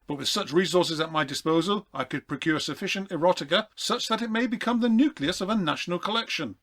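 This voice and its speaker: A man voicing an eccentric, excitable collector in a comedy audio play, with a polite, formal manner. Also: high voice, fast talker. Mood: prim.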